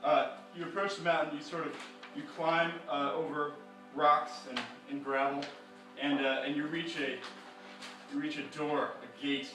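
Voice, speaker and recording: A man's voice: fairly high pitch, little pitch movement, normal speed. A man narrating an interactive story to a live audience in a rambling, playful way, full of fillers, restarts and joking asides. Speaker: storyteller and comics reader. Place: live performance venue. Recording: echoey room from a distance with music.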